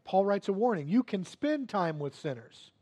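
A man preaching a sermon to a church congregation, earnest and repetitive, swinging between hushed asides and loud emphasis. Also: sits high, sing-song, normal speed, no room sound.

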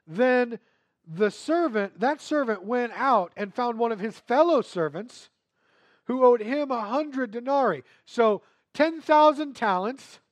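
A male preacher retells a scripture story during his sermon, alternating between hushed, quiet passages and louder, emphatic ones. His voice is extremely high-pitched, his intonation lively, and his pace slow.

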